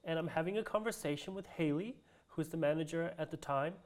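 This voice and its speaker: A man's voice: fairly high pitch, brisk, a little mellow. A man from Hawaii, a cultural practitioner, telling a long personal story in a casual interview, acting out the voices of the people he quotes and laughing often.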